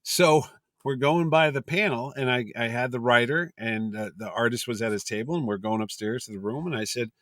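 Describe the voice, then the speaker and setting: A man's voice: mid-range voice, a little fast, no echo, clean studio sound. A middle-aged man, a convention promoter, telling anecdotes on a podcast and acting out the people in them. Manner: animated storyteller, acts out quotes.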